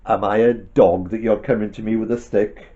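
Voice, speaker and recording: A man voicing a huge, boastful giant warrior in a storybook reading, speaking slowly and booming out his challenge. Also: steady tone, phone-quality sound, natural voice. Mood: mocking.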